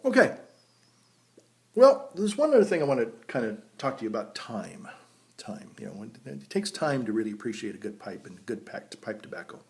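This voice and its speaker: Brief: man in his fifties, a priest who rambles through folksy stories and chuckles at himself, medium-pitched voice, outdoors by a vineyard. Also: big pitch swings, a little fast, darkish tone. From United States. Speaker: priest and pipe vlogger. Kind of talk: casual storytelling vlog.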